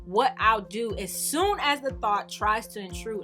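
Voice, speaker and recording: A middle-aged woman and mother talking casually to camera as the host of her vlog, animated and at times sassy and emphatic. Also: mid-range voice, a little slow, soft background music. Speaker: YouTube creator.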